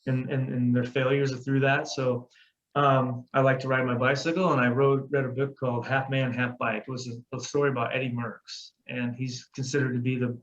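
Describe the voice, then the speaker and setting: A man's voice: mid-range voice, little pitch movement, normal speed. An easygoing man chats as a podcast guest and drops in a joke now and then. His voice comes through dull and muffled, as though from a lo-fi line. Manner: easygoing, joking. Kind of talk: casual podcast chat.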